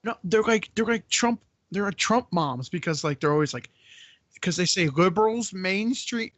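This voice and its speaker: A man's voice: sits high, expressive, moderate pace, a bit bright, dry recording. A man hosting a casual movie-riff chat, ranting and swearing in exasperation. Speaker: podcast host.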